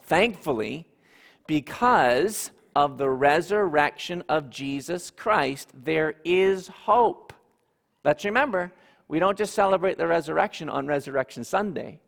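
A man preaching a sermon, telling the story slowly and earnestly with dramatic pauses. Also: a little high, vocal fry. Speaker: pastor. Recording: long hall reverb.

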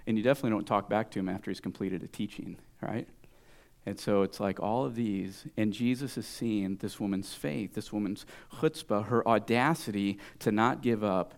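A man delivering a sermon in a gravelly, fry-tinged voice. He drops into near-whispers to stress a point, then swells into loud, punchy lines. He keeps tagging his points with a quick "right?" to the listeners. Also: lowish voice. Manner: swings from loud exclamations to hushed whispers for emphasis. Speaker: pastor.

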